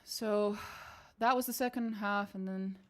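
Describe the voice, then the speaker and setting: In a measured, fairly even voice of medium pitch, a young woman talks casually with viewers while playing a game. She gets frustrated and swears freely throughout the stream.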